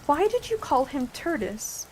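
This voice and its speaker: A woman's voice: sits high, very animated, unhurried, darkish tone, a little hiss or hum, pitched above the performer's own voice, rough recording. Curious young Alice, as a woman reader voices her. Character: curious polite young girl.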